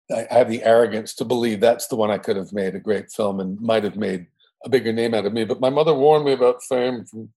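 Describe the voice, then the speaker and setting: An older man guest in a casual interview, reflective and theatrical in manner, with a husky voice. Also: fairly low pitch, warm tone. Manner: reflective, theatrical, slips into a mock Southern drawl. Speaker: guest actor.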